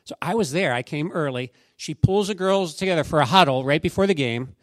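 A man preaching a sermon, telling stories and quoting scripture, dropping to a hush and then rising to shouts. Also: on the high side, lively intonation, a little fast, no echo, clean studio sound. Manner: storytelling, swings from hushed to shouting. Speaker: pastor.

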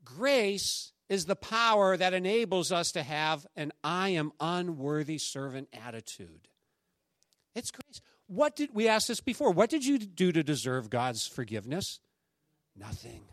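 A man preaches in a notably high voice, keeping it conversational and lively as he acts out what the people in his stories say. The sound is close and dry, with almost no room around it. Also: a little slow, no room sound. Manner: animated, conversational preaching with acted-out quotes. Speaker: pastor. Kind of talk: sermon.

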